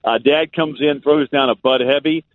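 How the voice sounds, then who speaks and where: A man's voice: fairly high pitch, steady tone, normal speed, no room sound. A man with a Louisiana accent, a guest radio host talking in a folksy, rambling way full of "uh"s. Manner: folksy, drawling, lots of "uh" fillers. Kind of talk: casual radio chat. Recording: phone-like call-in line.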